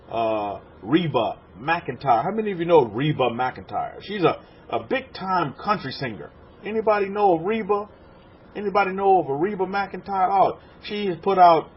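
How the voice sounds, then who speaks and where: A man from Texas, a rabbi preaching a sermon to a congregation in a room, repeating words and acting out quotes. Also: a little high. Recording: dull lo-fi sermon recording with faint noise.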